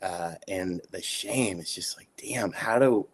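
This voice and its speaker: Guy cohosting a podcast, fumbles for words, dry jokes, kinda low voice. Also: breathy edge. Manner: halting and searching for words, dry humor. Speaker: podcast co-host. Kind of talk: podcast conversation.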